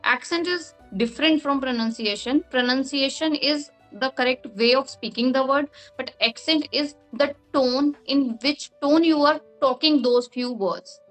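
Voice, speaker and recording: A woman with a high voice answers questions in a relaxed, chatty way. Her first language is Hindi, and she explains each point at length, often using "like" as a filler. Faint music plays under her speech. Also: a little slow, few pauses. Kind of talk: casual interview answers.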